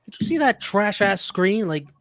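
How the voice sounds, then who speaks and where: A man's voice: high-pitched, sing-song, moderate pace, gravelly, fairly bright tone. A man co-hosting a watch-along, blunt and swearing as he critiques each play. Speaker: co-host. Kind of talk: casual watch-along chat.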